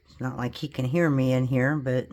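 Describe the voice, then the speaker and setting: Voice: mid-range voice, fairly even intonation, moderate pace, a little mellow. A polymer clay crafter in a home studio, casually thinking aloud and chatting to viewers while working.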